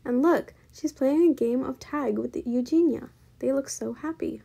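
A woman's voice: high voice, measured pace, creaky, mellow, slightly rough, heavily acted. A woman voicing a cheerful, doting housewife who speaks sweetly.

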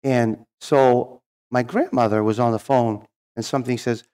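A man's voice: mid-range voice, steady tone, moderate pace, darkish tone. A man with a cold, telling a folksy joke and his personal testimony at church. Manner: folksy storyteller. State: has a cold.

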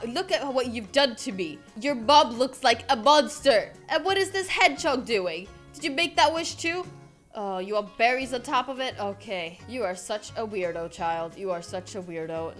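In a game role-play, a woman voices a fed-up mom turned monster, speaking at medium pitch with a slightly bright tone. The gaming YouTuber sounds dramatic and exasperated and repeats herself often.

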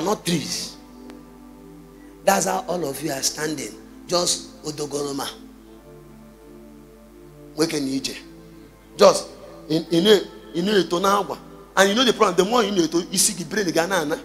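A man with a Nigerian accent preaching a sermon, full of rhetorical questions and sudden shouted bursts. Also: on the high side, normal speed, pauses often, soft background music. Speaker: pastor.

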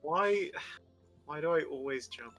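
A man's voice: a little high, measured pace, faint music behind. A young man joking around with friends while playing a golf video game. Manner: joking, chatty, gives excited directions. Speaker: gamer. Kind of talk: casual game chat with friends.

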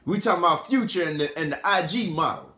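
A man tells a casual, rambling story and corrects himself as he goes. His voice is high and very lively, and the room gives it a noticeable echo. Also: fast. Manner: rambling, self-correcting, animated. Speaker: podcast host.

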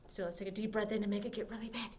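A woman leading a preschool story time, singing and talking in a bright, sing-song, encouraging way. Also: mid-range voice, fairly even intonation, rapid-fire. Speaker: children's librarian.

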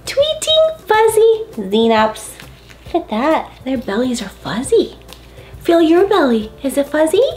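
A woman reads a picture book aloud to small children, slow and unhurried, her voice bouncing up and down with lively delight. She coaxes her listeners with gasps and questions, a little higher than most women, while soft music plays faintly behind her. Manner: playful, coaxing, with gasps and kid-directed questions. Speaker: host reading to preschoolers.

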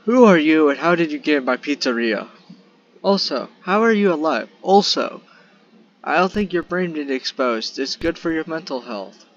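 A man's voice: fairly high pitch, animated, normal speed, dull audio. Rambling jokey gamer guy. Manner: rambling, jokey, talks to the game characters. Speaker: gaming video host. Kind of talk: casual let's play commentary. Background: game music.

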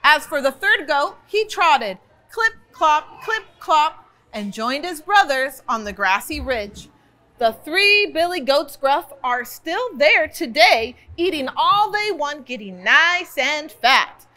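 A woman reading a picture book aloud for a library storytime, playful and expressive. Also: high-pitched, slow pace. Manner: playful, expressive, chatty asides.

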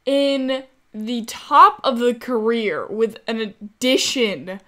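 Speaking slowly in a somewhat high, slightly bright voice, a young woman who makes gaming content chats casually over her gameplay. She gets exasperated a lot and answers back to the characters on screen.

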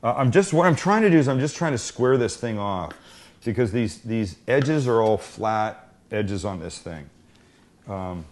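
A man's voice: lowish voice, darkish tone, slight background noise. A man hosting a cooking show, chatting and joking with guests while he works out a recipe aloud. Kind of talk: casual cooking chat.

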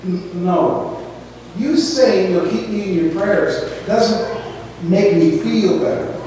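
A high-voiced man preaches in a relaxed, conversational way, slipping into storytelling. His voice comes from well off the mic and rings through a big echoey church hall. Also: takes it slowly, far from the mic, a little hiss or hum. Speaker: pastor. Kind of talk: sermon. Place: church sanctuary.

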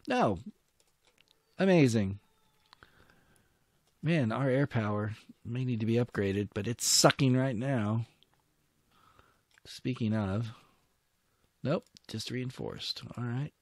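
A man with a low, darkish voice is recorded without echo. Commenting on his own strategy war game, he mutters at his units, talks to himself, and grumbles at setbacks when attacks go badly.

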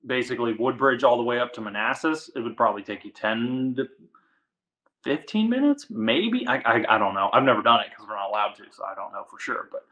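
A guest angler from the Washington DC area tells a story in casual conversation. His mid-range voice is fast and animated, and he says "like" constantly. The recording quality is low.

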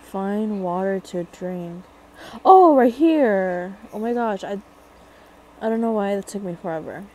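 A young woman who makes gaming videos gives casual commentary while playing a horror game, thinking aloud and becoming jumpy and frightened during chases. Her medium-pitched voice is steady and warm at a moderate pace, though the audio is poor.

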